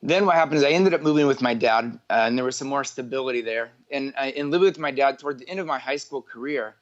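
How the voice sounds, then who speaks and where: A fast-talking entrepreneur in his forties from northwest Indiana, USA, recounts his life story as an interview guest. His medium-pitched voice comes through on dull audio, and he rambles, packing in filler words and correcting himself.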